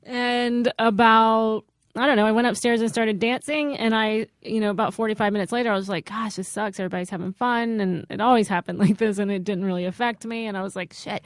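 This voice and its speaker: A woman's voice: a little high, steady tone, fairly quick, smooth, no room sound, studio quality. A woman co-hosting a comedy podcast, telling a self-mocking story in casual chat. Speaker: podcast co-host.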